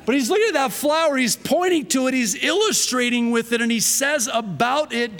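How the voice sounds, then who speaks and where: A man preaching a sermon in a lively, conversational way, often laughing at his own jokes. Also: extremely high pitch, a little fast, hardly any pauses. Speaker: pastor. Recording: long reverb of a large hall.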